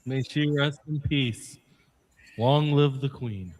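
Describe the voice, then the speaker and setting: A man's voice: medium pitch, slow, darkish tone. A man co-hosting a casual podcast, reading out dates and agreeing. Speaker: podcast co-host.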